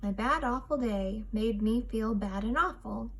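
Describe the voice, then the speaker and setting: A woman voicing a small, anxious furry male monster child in a storybook reading, high and whiny. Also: unhurried, breathy edge. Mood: complaining. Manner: high-pitched, whiny and excitable.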